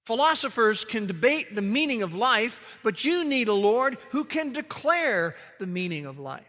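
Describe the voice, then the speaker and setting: A man preaching a sermon, swinging from loud declarations to hushed, emphatic words. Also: extremely high pitch, big pitch swings, normal speed, big-room sound.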